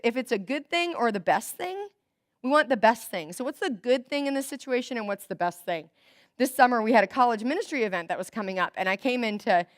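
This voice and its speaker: A young adult woman giving a chatty, animated storytelling talk to church volunteers, acting out bits of dialogue. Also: medium pitch, no room sound, studio quality. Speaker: guest speaker at a church volunteer event. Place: church hall.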